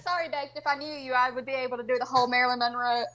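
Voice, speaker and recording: A woman's voice: sits high, steady tone, rapid-fire, dull audio, a crowd in the background. A woman in her twenties, a guest on a live stream, chatting casually with giggles and crude jokes. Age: 20s.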